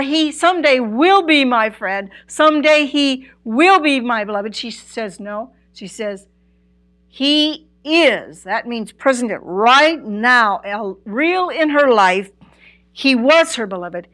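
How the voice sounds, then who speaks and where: A woman teaching a Bible study lesson, earnest and emphatic, asking listeners direct questions and swinging between loud and soft phrases. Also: on the high side.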